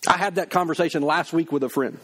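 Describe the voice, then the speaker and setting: A man's voice: a little high, fast talker, fairly bright tone, slightly rough. A middle-aged man preaching a sermon, emphatic, acting out the voices of people he quotes. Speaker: pastor.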